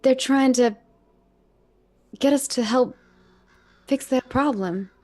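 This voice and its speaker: A woman's voice: high-pitched, slow pace, a little mellow. A woman playing in a tabletop role-playing game, musing thoughtfully in character. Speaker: player. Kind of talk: casual tabletop play.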